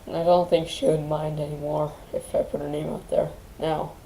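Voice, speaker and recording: Woman host, grieving, near tears, low pitched and flat, halting speech. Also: a little hiss or hum, poor audio. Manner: halting, restarting often, trailing off. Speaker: channel host. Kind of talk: personal grieving vlog.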